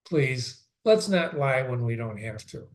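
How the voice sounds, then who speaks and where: Tired guarded young nurse, a bit higher and softer than the reading voice, mid pitch, guy reading her part. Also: expressive, unhurried, lightly acted. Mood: wistful.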